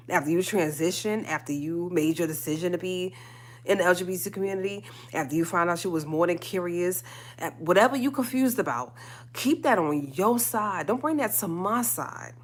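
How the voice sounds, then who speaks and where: A woman ranting on her own livestream, low-pitched for a woman and fired up. She hammers points home by repeating them, with slangy asides. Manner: emphatic, repeating lines for stress, with slangy asides. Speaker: livestream host. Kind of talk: heated solo livestream rant.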